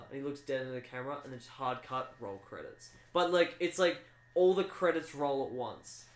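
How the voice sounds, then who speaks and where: A man's voice: medium pitch, fairly quick, reverberant, low-quality recording. A man on a podcast telling a made-up story in a rambling, playful way and putting on silly voices. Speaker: podcast co-host. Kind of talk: casual comedic chat.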